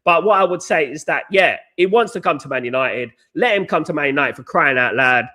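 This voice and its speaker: A man hosts a football live stream in a loose, rambling way, greeting viewers by name and repeating "of course, guys". His voice is bright and sits a little higher than most men's. He sounds slightly hoarse. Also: animated, brisk. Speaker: football podcast host. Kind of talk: casual live-stream chat. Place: hotel or flat in Naples, indoors.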